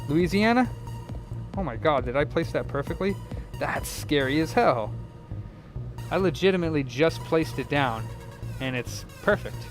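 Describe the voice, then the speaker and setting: A man's voice: fairly high pitch, expressive, normal speed, long pauses, faint music behind. An American man streaming an electronics repair, chatting casually and rambling, with lots of "like" fillers. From United States. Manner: rambling, heavy use of "like" fillers. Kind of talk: casual live-stream chat while soldering.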